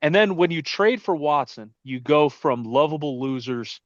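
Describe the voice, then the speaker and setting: A man with a fairly high voice rants about his team with lots of swearing and mocking energy. His sound is dry and a little dull, with no room around it. He speaks in an animated, casual way. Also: normal speed, no echo. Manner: animated, profane, mocking, rants with quoted jeers. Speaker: podcast co-host. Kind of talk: casual sports chat.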